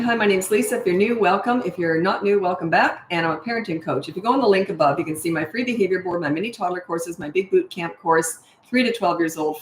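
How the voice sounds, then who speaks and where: A middle-aged woman with a lowish voice talks casually on a live stream as a parenting coach. She is chatty and blunt, laughs easily, and sounds like she is in an echoey room. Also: a little hiss or hum. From Canada. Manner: chatty, laughs often, blunt no-nonsense advice.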